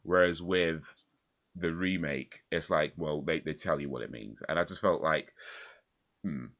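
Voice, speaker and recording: A man hosting a podcast, talking casually and rambling, with many restarts, fillers and quick laughs. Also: a bass voice, a bit bright. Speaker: podcast host.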